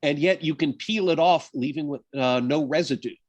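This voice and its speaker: A man's voice: a little high, moderate pace, no echo, dull audio. A man giving a college biology lecture in a conversational way, with many fillers and joking asides. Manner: conversational, lots of uh and um, self-deprecating asides. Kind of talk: university lecture.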